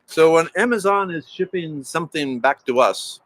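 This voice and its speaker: A man's voice: a little high, expressive, normal speed, fairly bright tone, a little hiss or hum. A man hosting a casual livestream, rambling with frequent restarts and greeting viewers in the chat by name. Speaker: livestream host.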